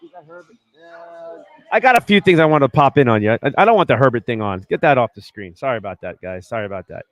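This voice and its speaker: A man hosting a sports podcast in casual chat, excitable and rambling, checking in with "right?" often. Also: mid-range voice, quick pace. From Arizona. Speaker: podcast host.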